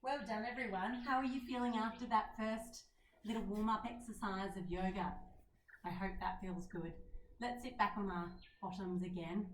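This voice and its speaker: A woman leading a children's yoga lesson in a gentle, coaxing way, asking the kids questions as she guides them. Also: medium pitch, steady tone, moderate pace, slight background noise. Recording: roomy sound from a distant mic.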